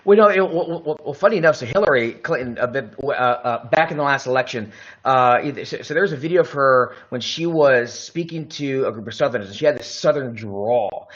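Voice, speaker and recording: A man's voice: medium pitch, expressive, a little fast, fairly bright tone, muffled recording. A man hosting a podcast in casual chat, telling rambling stories full of hedges and fillers. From Tampa, Florida area. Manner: rambling storyteller, hedging with "I believe" and "uh". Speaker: podcast host.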